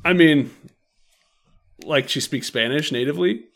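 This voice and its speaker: A man's voice: a little high, measured pace, vocal fry, fairly bright tone. A young man co-hosting a podcast, telling a story in casual chat, acting out quotes and laughing often. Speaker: podcast co-host.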